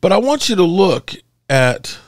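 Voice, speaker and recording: A man's voice: high voice, sing-song, a little slow, no echo, clean studio sound. A man hosting a sports channel, talking through stats in casual commentary, emphatic and repetitive, with occasional cursing.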